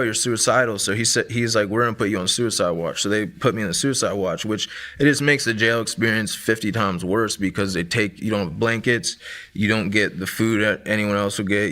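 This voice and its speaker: A man in his thirties tells his life story in a loose, chatty way, leaning on "like" and "man" as he goes. His voice sits a little low but sounds bright and forward. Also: brisk. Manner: conversational, many fillers like "like" and "man". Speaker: guest sharing a testimony. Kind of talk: casual personal testimony.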